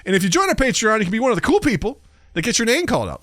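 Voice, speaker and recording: A man's voice: high-pitched, sing-song, fast talker, a bit bright, no room sound, clean studio sound. A man hosting a podcast in a casual, goofy, self-mocking way. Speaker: podcast host.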